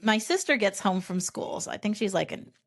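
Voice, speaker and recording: A woman with a mid-range voice tells a story on a podcast, rambling and restarting her sentences as she goes. Her delivery is animated and casual, with frequent swearing. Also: medium pitch, brisk. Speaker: podcast host.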